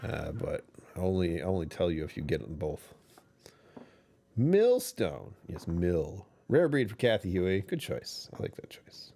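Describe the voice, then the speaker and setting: A tired man with a rumbly voice hosting a livestream, chatting casually, joking and laughing with his viewers. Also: normal speed, gravelly, dark tone, slight background noise. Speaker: livestream host.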